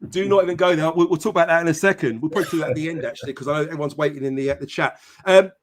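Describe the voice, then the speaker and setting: Man, podcast host, slightly high voice, casual, filler-heavy, greets viewers by name. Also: racing. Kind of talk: casual live-stream chat.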